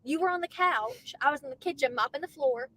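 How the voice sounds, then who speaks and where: Animated high-voiced woman. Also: a little fast, rough recording. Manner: animated, talks loudly when passionate. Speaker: livestream co-host. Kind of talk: casual chat.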